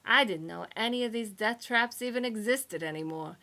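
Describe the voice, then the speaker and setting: A woman voicing a gruff, dismissive young female space salvager. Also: on the high side, normal speed, bright, forceful tone.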